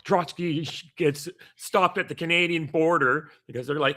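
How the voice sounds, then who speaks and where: A man who is a guest on a casual livestream chat, quick to agree and eager to add his own points. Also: on the high side, steady tone, pushed and bright.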